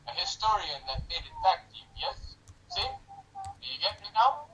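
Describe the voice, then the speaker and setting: A man's voice: high voice, sharp tone, far from the mic, muffled recording. A drunk man from Canada with a Canadian accent, delivering a rambling, preachy monologue to a stranger over a video chat, repeating himself for emphasis. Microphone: webcam mic.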